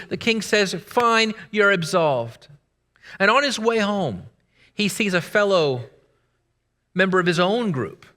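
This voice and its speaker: A man preaching a sermon in a church, telling stories and swinging between loud emphasis and hushed, quiet lines. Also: high-pitched. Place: church sanctuary. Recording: echoey sanctuary reverb.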